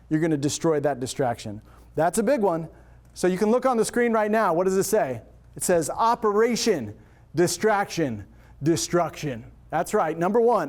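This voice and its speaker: Energetic high-voiced male motivational speaker. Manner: energetic, repetitive, urges audience to repeat after him. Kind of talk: motivational talk with faith references.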